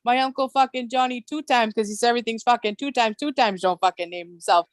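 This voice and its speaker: A woman hosts a casual livestream chat, ranting bluntly and animatedly while swearing constantly. Her voice is fairly high and fast, with no echo.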